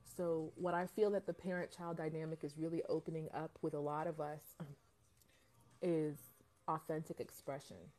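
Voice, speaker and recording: A woman with a fairly low voice talks about parenting in a live-stream conversation. She is earnest and reflective, often repeating a phrase while she searches for words. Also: flat delivery, normal speed, mellow.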